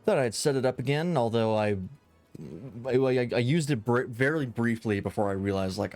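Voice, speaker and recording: Streaming a game from a home room with a VR setup, a man chats casually, rambling, poking fun at himself, and swearing now and then. His voice is lowish and darkish in tone, with fairly even intonation and a brisk pace, over soft background music.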